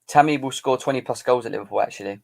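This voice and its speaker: Man, live-stream host, boisterous banter, teasing, average pitch. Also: very fast, gravelly. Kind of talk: casual live-stream football chat.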